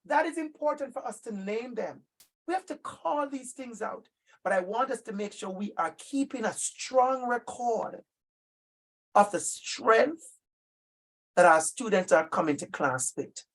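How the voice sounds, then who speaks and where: A middle-aged man with a Jamaican accent leads a training session for teachers. His delivery is emphatic and animated, and he often calls on listeners by name as he speaks. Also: extremely high pitch, moderate pace. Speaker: workshop presenter for teachers. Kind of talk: lively professional-development talk.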